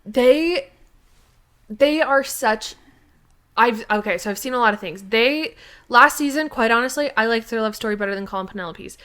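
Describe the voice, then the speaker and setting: A woman's voice: on the high side, moderate pace, fairly bright tone, clear, resonant tone. A woman co-hosting a casual podcast chat, gushing and rambling with lots of fillers and restarts. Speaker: podcast co-host.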